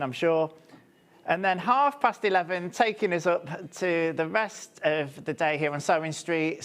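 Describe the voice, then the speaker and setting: A man, hosting a live TV shopping show in a studio with upbeat, chatty sales patter. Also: high-pitched. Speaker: shopping channel presenter.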